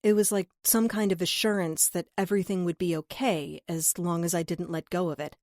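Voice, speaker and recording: Low-voiced female audiobook narrator. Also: fairly even intonation, fairly quick, a little mellow, dry recording, clean studio sound. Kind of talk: first-person audiobook narration.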